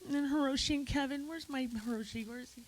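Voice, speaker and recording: A woman's voice: high voice, fast talker, low-quality recording. A woman giving an emotional, effusive eulogy at a memorial gathering, speaking straight to friends in the room.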